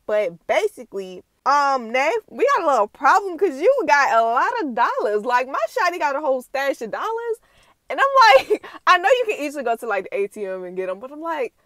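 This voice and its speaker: A woman's voice: fairly high pitch, a bit bright, no echo. A young woman hosting a casual reaction recap, chatty and slangy, laughing often. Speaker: reaction channel host.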